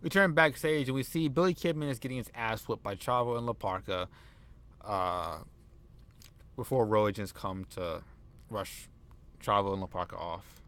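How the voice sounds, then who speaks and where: A man's voice: fairly low pitch, moderate pace, fairly bright tone. A man narrating a wrestling sim playthrough in a casual, rambling, joking way. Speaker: let's play host.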